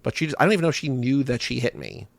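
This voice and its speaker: A man's voice: mid-range voice, very animated, racing, vocal fry, no echo, clean studio sound. A young man co-hosting a podcast, telling a rambling story in casual chat, filled with "like". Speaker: podcast co-host.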